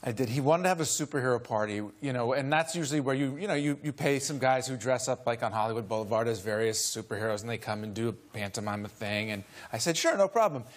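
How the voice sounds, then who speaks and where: A man's voice: medium pitch, lively intonation, fast, hardly any pauses. A man, a guest on a chat show, telling an amused story and laughing often. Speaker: guest actor. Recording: noisy studio with audience.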